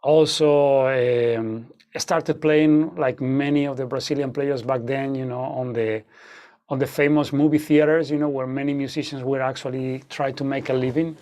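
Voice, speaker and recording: A man's voice: mid-range voice, fairly even intonation, normal speed, a little mellow. A man teaching an online guitar masterclass, explaining rhythms with frequent fillers and "okay?" check-ins.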